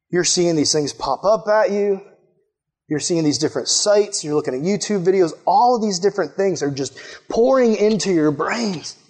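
High-voiced, enthusiastic young-people's preacher man. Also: darkish tone. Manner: enthusiastic, chatty, peppers speech with "like" and "man". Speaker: youth pastor. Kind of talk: casual sermon to young people.

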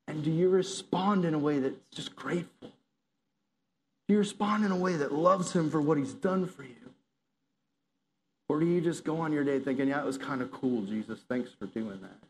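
A man's voice: high voice, a little mellow. A man preaching a sermon to a congregation, earnest and building to intense emphasis.

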